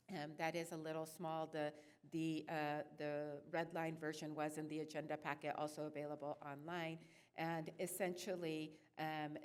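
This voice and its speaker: Low, flat-voiced woman city clerk. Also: clean tone. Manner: hesitant, many filler sounds. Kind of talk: presenting a staff report at a council meeting.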